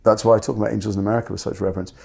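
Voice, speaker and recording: A man telling candid stories about his acting work in a fast, animated, self-interrupting way. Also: on the low side, gravelly, breathy edge. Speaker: actor guest. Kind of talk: candid conversational storytelling.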